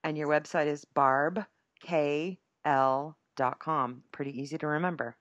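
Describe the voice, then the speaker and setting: A woman's voice: deep voice, steady tone, measured pace, no echo, lo-fi sound. A woman hosting a podcast in a playful, chatty way, often laughing as she talks. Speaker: podcast host. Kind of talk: casual chat.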